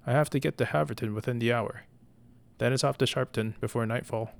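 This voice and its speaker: A man's voice: medium pitch, fairly even intonation, brisk, gravelly, lightly acted. A man voicing a frail, chatty old male messenger with a folksy, fussy, nervous way of talking.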